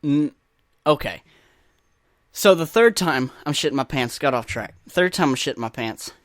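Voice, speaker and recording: A man's voice: mid-range voice, expressive, moderate pace, no room sound, clean studio sound. Profane young man telling crude stories. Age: 20s. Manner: profane, rambling, self-mocking. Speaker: podcast host. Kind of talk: casual crude storytelling monologue.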